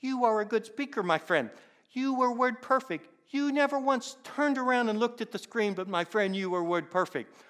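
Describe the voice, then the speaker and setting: A man's voice: very high voice, expressive, normal speed, a bit bright, pitched above the performer's own voice. A man voicing an effusive older friend with an Indian accent who repeats names and phrases eagerly.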